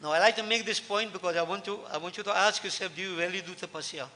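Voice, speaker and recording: A preacher with a high, sharp voice gives a sermon to devotees at a quick pace. He is earnest and repeats key lines for emphasis. Long hall reverb surrounds the recording.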